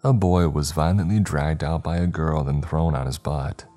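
A man narrating a horror story in a measured, dramatic way. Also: very deep voice, warm tone. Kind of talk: scripted narration. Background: faint background music.

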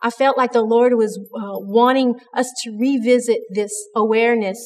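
A woman's voice: a little high, fairly even intonation, normal speed, a little mellow, in a large hall. A woman giving an earnest, conversational devotional talk at church, with frequent restarts. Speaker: church speaker.

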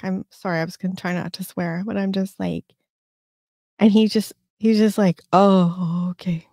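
A woman's voice: mid-range voice, steady tone, normal speed, dark tone, no echo, clean studio sound. A woman in her fifties hosting a casual livestream, telling stories with lots of fillers and restarts. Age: 50s. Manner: rambling storyteller, many fillers and restarts. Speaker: host.

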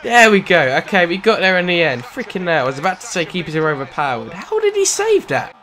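A young British man giving gameplay commentary on a football video game, excitable and sarcastic, shouting at goals. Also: sits high, quick pace, a little hiss or hum. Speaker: gaming commentator.

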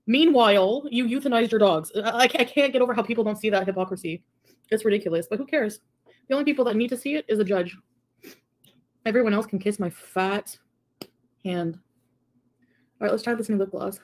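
A woman's voice: medium pitch, brisk, darkish tone. Defiant woman talking to camera. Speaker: video creator being reacted to. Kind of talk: casual talk to camera.

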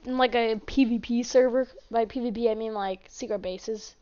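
A woman's voice: a little high, normal speed, few pauses, darkish tone. A woman giving rambling, chatty let's play commentary as a gaming host, often apologizing. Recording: dull lo-fi mic.

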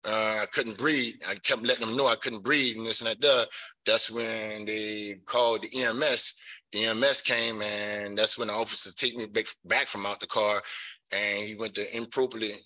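A man's voice: on the low side, fairly even intonation, normal speed, sharp tone, poor audio. A middle-aged man gives rambling, earnest testimony at a parole hearing, filling his account with "you know.". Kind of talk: pleading testimony.

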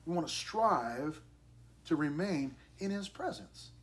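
A male pastor, preaching a sermon in a conversational, animated way with asides to the congregation. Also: fairly high pitch, slow pace.

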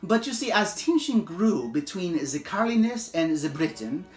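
Woman doing a quirky animated history professor. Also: fairly low pitch, reverberant. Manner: animated storytelling, halting with filler and broken grammar.

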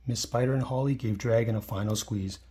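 A man reading a children's picture book aloud in a friendly, expressive way. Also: medium pitch, a little fast, slight background noise. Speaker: storybook reader.

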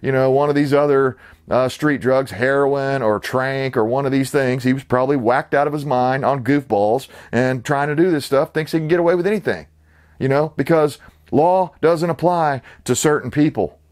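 A man's voice: mid-range voice, normal speed, a little mellow. A man hosting his own channel, ranting with sarcastic, indignant, rambling commentary. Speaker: channel host.

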